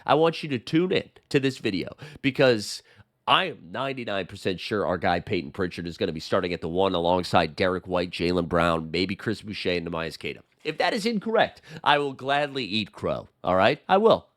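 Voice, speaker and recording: A man with a Boston accent hosting a casual sports chat, his voice hoarse from being sick, talking in a rambling way with lots of fillers. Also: low voice, lively intonation, brisk, fairly bright tone, dry recording, clean studio sound. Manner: chatty, rambling with many fillers. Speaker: sports channel host.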